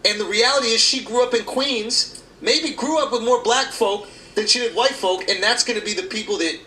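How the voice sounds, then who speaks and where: Podcast co-host, New man, animated and pushy; faint room ambience. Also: fairly quick, echoey room, slight background noise, rough recording. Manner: animated, emphatic, rising pitch when arguing. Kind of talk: casual chat.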